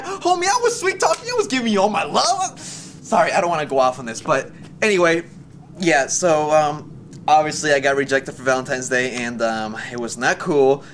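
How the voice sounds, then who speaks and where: Energetic young man with a lively voice. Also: on the high side, slight background noise. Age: young adult. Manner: energetic, fast, jokey, theatrical. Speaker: vlogger. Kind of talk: casual vlog storytelling.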